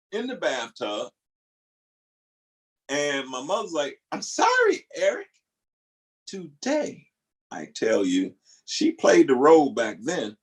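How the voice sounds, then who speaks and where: Animated middle-aged man telling a family story. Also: low-quality recording. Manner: animated, jumps into high squealing voices for quoted family members. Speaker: vlogger. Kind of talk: casual storytelling monologue.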